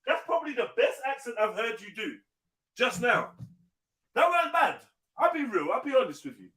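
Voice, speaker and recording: Bright, lively man hosting. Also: very high-pitched, normal speed, breathy edge. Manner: teasing, laughing banter. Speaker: host. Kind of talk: casual group chat.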